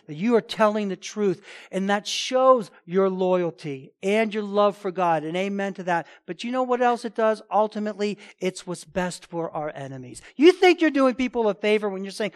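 A man's voice: high voice, moderate pace. A man preaching a sermon, emphatic and repetitive, often restarting his phrases. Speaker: pastor.

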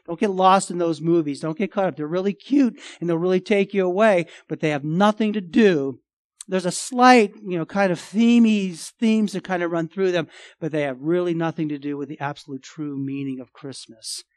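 A male pastor preaching a sermon, emphatic, swinging between loud and quiet and repeating phrases. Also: high voice, normal speed, no echo, studio quality.

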